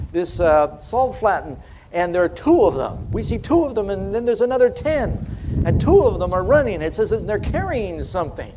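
Male preacher, pitched high with lively swings, storyteller who pulls the congregation in with questions. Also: slight background noise. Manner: dramatic storytelling retelling of scripture; conversational, asks the audience questions. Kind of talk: sermon. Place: church platform before a congregation.

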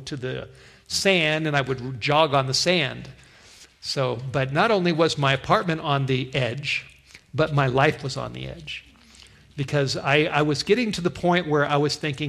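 A man's voice: a little high, a bit bright. A man preaching, telling a personal testimony in an earnest way, with frequent restarts. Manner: earnest storytelling with many restarts. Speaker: pastor. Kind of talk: sermon testimony.

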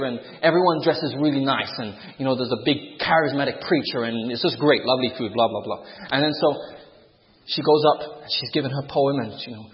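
A man with a fairly high voice tells a humorous personal story to a live audience, animatedly acting out each voice. His words ring through a large hall with a long reverb. The recording sounds a little dull and muffled. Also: a little hiss or hum. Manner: animated, acts out voices, repeats himself. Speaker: speaker telling his testimony.

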